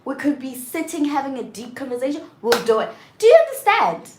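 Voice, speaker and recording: A young woman chatting candidly and frankly, often getting loud and exasperated as she makes her point. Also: high voice, very animated, brisk. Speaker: vlogger. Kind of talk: candid casual chat. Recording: roomy echo with faint background noise.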